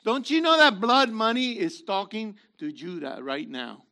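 A man preaching a sermon in a theatrical way, acting out voices and swinging from shouts to hushed asides. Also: high-pitched, very animated, unhurried, gravelly.

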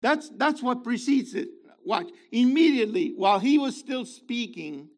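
With a very high voice and an unhurried delivery, a preacher animates his sermon by shifting from loud emphasis to quiet asides. Playful remarks crop up along the way.

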